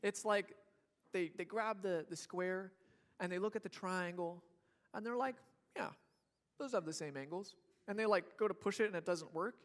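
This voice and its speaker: High-voiced young male preacher, joking. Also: moderate pace. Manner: casual and joking, acts out voices of people and babies. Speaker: pastor. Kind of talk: sermon. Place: church.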